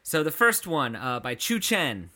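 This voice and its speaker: A man's voice: a little high, very animated, a little slow, bright, forceful tone. A man co-hosting a podcast in casual chat, joking and teasing with dry sarcastic asides. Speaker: podcast co-host.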